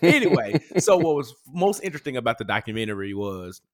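A man co-hosting a podcast, talking in animated casual chat and laughing often as he tells stories. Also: mid-range voice, fast talker. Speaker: podcast co-host.

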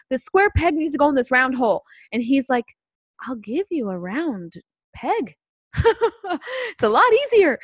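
A woman co-hosting a faith-based podcast, telling a story in a gentle, emotional way. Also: on the high side, no echo. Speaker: podcast co-host.

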